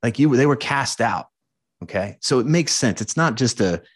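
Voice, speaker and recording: A man speaking as a coach and podcast guest, frank and animated, swearing freely in candid conversation. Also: mid-range voice, normal speed, slightly rough.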